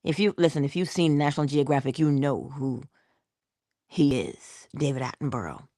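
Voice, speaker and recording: A woman giving a casual motivational talk, expressive, dropping into whispers and laughing often. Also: low-pitched, moderate pace, no room sound, clean studio sound. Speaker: motivational vlogger.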